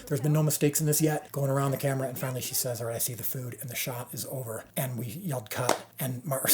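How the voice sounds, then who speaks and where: A man's voice: mid-range voice, quick pace, hardly any pauses, slight background noise. A man who directs a TV series, telling a story from the set in a casual way and acting out what people said. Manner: animated storyteller, acts out quotes. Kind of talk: casual recollection to camera.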